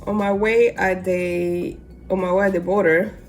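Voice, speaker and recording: A young woman from Africa telling a long personal story casually between bites, animated and acting out the other people's lines. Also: on the low side, measured pace, faint music behind. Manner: animated, acts out voices in quotes. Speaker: mukbang vlogger. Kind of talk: casual storytelling while eating.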